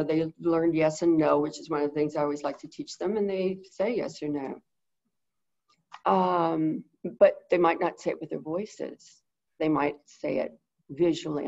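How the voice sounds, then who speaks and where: A middle-aged woman teaching in a webinar, talking quickly and rambling with many fillers in a low-set voice, over a video call mic. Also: vocal fry, darkish tone, lo-fi sound. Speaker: guest bird behavior consultant.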